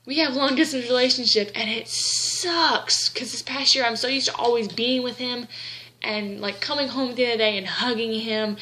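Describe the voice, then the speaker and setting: A woman's voice: fairly high pitch, moderate pace, sharp tone, poor audio. A young woman vlogging in a casual, rambling chat, gushing and a little tearful. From Southern United States.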